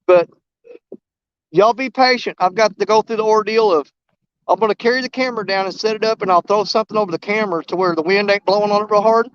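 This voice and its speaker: A man, talking straight to his viewers in a casual outdoor fishing vlog, excitable and emotional, recorded on a camera mic muffled against the wind on a river bank. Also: high voice, quick pace, clear, resonant tone, no room sound. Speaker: fishing vlogger.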